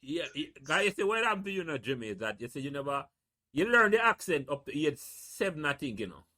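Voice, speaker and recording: A Jamaican man hosting a casual podcast chat, talking in an animated, rambling way. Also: on the high side, brisk. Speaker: podcast host.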